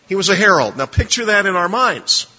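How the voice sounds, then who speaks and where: A man's voice: high-pitched, very animated, a little fast, pushed and bright, breathy edge. A man lecturing a class on preaching, emphatic, quizzing listeners to fill in blanks in their notes. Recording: dull lo-fi recording with long reverb.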